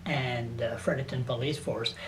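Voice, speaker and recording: A man's voice: mid-range voice, steady tone, moderate pace, heavy background noise. A man interviewing a guest in a casual, blunt way, with sarcastic jokes he laughs at himself. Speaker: interviewer and activist.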